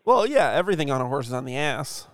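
A man's voice: mid-range voice, sing-song, fast, fairly bright tone, dry recording. A man co-hosting a podcast in casual chat, cracking dry jokes and laughing often.

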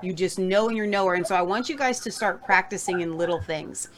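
A woman's voice: on the low side, fairly quick, noisy background. A woman co-hosting a faith talk show, speaking with eager enthusiasm and often repeating words. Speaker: co-host.

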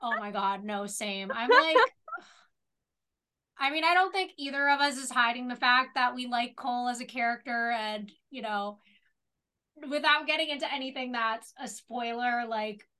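Young woman podcast co-host, bright higher voice, walking through an episode line by line. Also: normal speed, clean tone. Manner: retells scenes at length, reading out dialogue with many "she says". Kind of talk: casual chat and episode recap.

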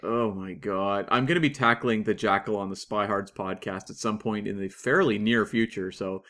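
A man's voice: lowish voice, normal speed, a bit bright. A Canadian man co-hosting a podcast, chatting casually and enthusiastically with plenty of fillers. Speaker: podcast co-host.

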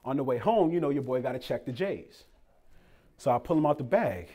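A man's voice: mid-range voice, a little fast. A young man from Boston preaching, telling a humorous story and acting out the people in it. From Boston, Massachusetts. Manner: animated, playful, acts out quoted voices. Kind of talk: storytelling sermon.

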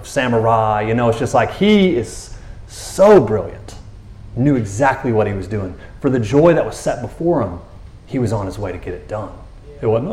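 In a church with an echo, a pastor with a medium-pitched voice preaches a sermon. He recounts the story in a relaxed, joking style, animatedly voicing each character's lines.

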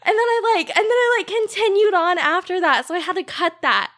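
A woman's voice: very high voice, expressive, brisk, fairly bright tone. A young woman guest telling funny stories in a casual, giggly podcast chat, full of "like". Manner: giggly, storytelling with lots of "like". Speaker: guest, cam model.

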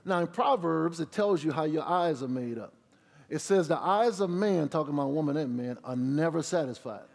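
Pastor preaching with congregation call-outs, hall reverb. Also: male voice, lively intonation, moderate pace, creaky. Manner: drops low for asides, rises loud on emphasis. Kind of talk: sermon.

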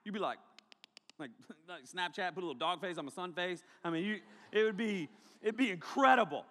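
Animated joking preacher man, bright voice. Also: high-pitched, a little fast. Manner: animated, joking, bursts into shouts. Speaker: pastor. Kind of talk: sermon. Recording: long hall reverb.

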